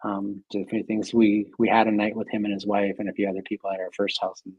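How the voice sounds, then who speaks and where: A man's voice: fairly low pitch, completely flat delivery, fast talker, darkish tone, breathy edge, no room sound, dull audio. A man, a doctor appearing as a guest, telling stories in casual conversation, rambling through fillers and laughing often as he talks.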